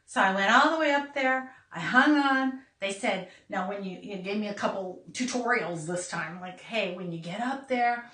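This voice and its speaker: A middle-aged woman hosting a podcast, telling a personal story in a casual, animated way, laughing and acting out voices as she goes. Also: medium pitch, normal speed, hardly any pauses. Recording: echoey room, a bit far from mic.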